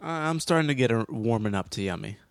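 A man's voice: medium pitch, lively intonation, fast talker, creaky, dry recording. Rambling, laughing young man, dry sound. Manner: rambling, hesitant, laughs often, swears. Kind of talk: casual chat.

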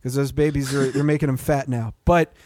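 A man's voice: medium pitch, fairly even intonation, fairly quick, darkish tone, no room sound, clean studio sound. A man co-hosting a comedy podcast, ranting in casual, profane, mock-angry banter. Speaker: podcast co-host.

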